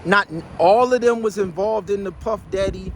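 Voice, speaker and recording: A New man in his sixties holds forth outdoors in a loud, boastful street monologue, firing off rhetorical questions. His voice sits high for a man. Faint traffic hums behind him. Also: moderate pace. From New Jersey. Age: high school in 1975, so 60s.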